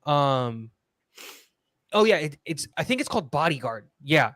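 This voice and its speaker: A man with a fairly high, bright, sharp voice chats casually on a livestream. He rambles through stories and leans on "um" and "like". The sound is dry and close. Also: sing-song, measured pace, dry recording. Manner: rambling, fills gaps with "um" and "like".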